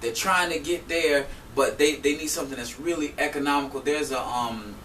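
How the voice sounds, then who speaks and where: This man's voice runs on the high side at a moderate pace as he tells a heated story, vlogger-style, about being scammed. Originally from South Florida, he uses AAVE, curses freely, and plays out both sides of the argument with lots of energy. There's a roomy echo, a faint room hum, and the mic seems fairly distant.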